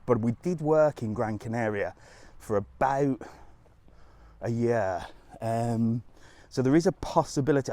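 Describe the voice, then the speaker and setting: A man's voice: medium pitch, dark tone. Chatty, ranting man on a live stream. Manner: chatty, ranting, laughs often, mild swearing. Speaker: travel vlogger hosting a live stream. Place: outdoors on a resort street in light rain.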